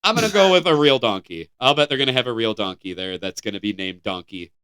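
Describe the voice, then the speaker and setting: An American man co-hosting a podcast, reading news items aloud in a casual, animated way with laughs and stumbling restarts. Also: mid-range voice, fast, clean tone. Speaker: podcast co-host.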